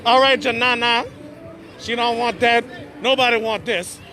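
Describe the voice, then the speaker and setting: A man's voice: very high voice, steady tone, unhurried, bright, forceful tone. A man live-streaming a family party outdoors, chatting to the camera and often stammering and repeating words. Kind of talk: casual live-stream commentary. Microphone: handheld phone camera. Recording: noisy outdoor phone stream with crowd.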